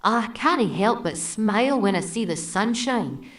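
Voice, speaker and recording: A woman's voice: mid-range voice, animated, a little slow, recorded from a distance, close to an everyday voice. A woman voicing a cheerful young Scottish woman with a lilting, storybook delivery.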